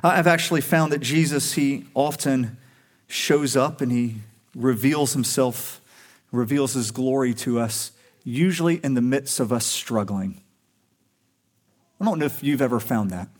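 A man's voice: mid-range voice, measured pace. A male pastor preaching a sermon to a congregation in a conversational, earnest way, pushing up for emphasis on key points.

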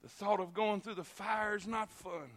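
A man preaching a sermon in a church, fervent and repetitive, building to shouts. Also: high voice, moderate pace.

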